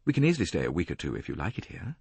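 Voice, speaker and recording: A man's voice: low voice, huge pitch swings, racing, vocal fry, darkish tone, breathy edge, dry recording, exaggerated voice. A man reading aloud and voicing an eager, adoring young husband with a humble manner.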